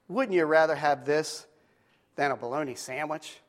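A preacher voicing a gentle coaxing church mother. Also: a little high, moderate pace, lightly acted. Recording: long hall reverb.

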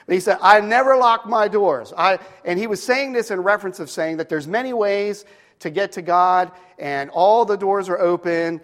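Preacher, male, fairly high voice, earnest and emphatic sermon delivery with stories. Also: moderate pace.

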